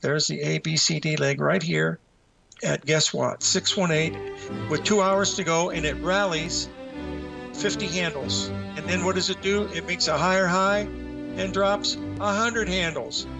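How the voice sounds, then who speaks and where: A man's voice: a little high, fairly even intonation, a little slow, vocal fry, music in the background. A man hosting a live market show, out of breath, rambling as he walks through trading charts and talks to himself.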